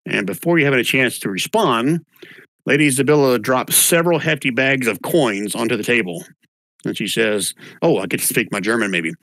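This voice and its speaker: A man running a tabletop game as game master, narrating scenes and reading letters aloud in a steady voice. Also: medium pitch, brisk, no echo, low-quality recording.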